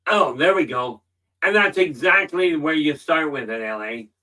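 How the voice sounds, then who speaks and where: A man hosting a livestream, giving an earnest motivational talk and stressing key words slowly. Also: a little high, animated, sharp tone, distant mic, poor audio. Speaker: livestream host.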